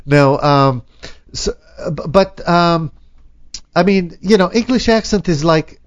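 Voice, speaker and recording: A man's voice: fairly high pitch, expressive, slow pace. A man hosting a morning radio talk show, chatting casually with many fillers. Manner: laid-back, many fillers. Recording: dull lo-fi radio audio.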